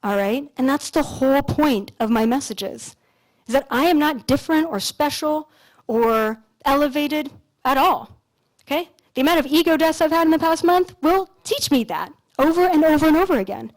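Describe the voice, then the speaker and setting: A woman from Canada in her thirties telling a story on stage in a casual, animated way, full of "like" and the odd swear word. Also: high voice, moderate pace. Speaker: speaker on stage. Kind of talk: motivational stage talk with storytelling. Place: stage at a large expo hall.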